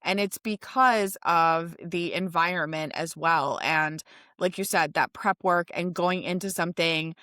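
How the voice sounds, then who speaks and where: Woman host, lowish voice, chatty, laughs a lot, dry close sound. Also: a little slow, a bit bright, no echo. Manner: chatty, laughs often while telling stories. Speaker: podcast host. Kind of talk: casual conversation.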